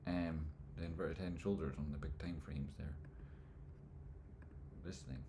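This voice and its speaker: A man hosting a live stream, answering chat questions in rambling talk that trails off into mumbles and jumps to loud jokey bursts. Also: extremely low pitch, steady tone, measured pace, noisy background. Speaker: livestream host answering chat. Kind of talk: casual live chat, stock chart commentary.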